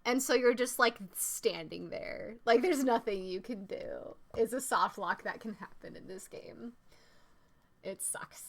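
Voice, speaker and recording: A woman live-streaming a game, chatting casually and excitedly with frequent laughs. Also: fairly high pitch, a little slow, creaky. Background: game music.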